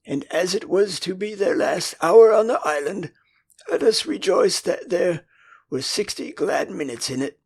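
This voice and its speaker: An older man with an English accent narrating a classic children's story as an audiobook, in an expressive storytelling manner. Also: high voice, measured pace, breathy edge. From England.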